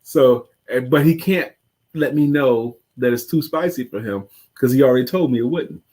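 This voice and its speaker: A middle-aged man co-hosts a relaxed live show. He tells a story in a halting, easygoing way, full of restarts and fillers. He chuckles as he reaches the punchline. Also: mid-range voice. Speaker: co-host.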